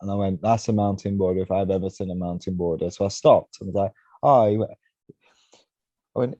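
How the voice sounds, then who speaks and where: A man's voice: on the low side, steady tone, fast, warm tone, no room sound. A man being interviewed on a podcast, telling long, rambling stories and leaning on "you know" and "right?" as he goes. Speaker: podcast guest, mountainboarder. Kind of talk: casual storytelling.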